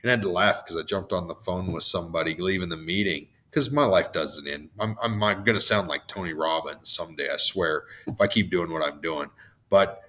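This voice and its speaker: A man hosting a motivational podcast, his voice hoarse and worn out, rambling off on tangents and laughing at himself. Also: low-pitched, a little fast, a bit bright. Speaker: podcast host.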